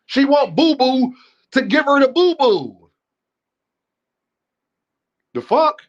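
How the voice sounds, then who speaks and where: A man with a high voice hosts a live stream in unscripted rant mode. He talks bluntly and profanely, addressing his chat directly and heatedly. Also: big pitch swings, slow, dull audio. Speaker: livestream host.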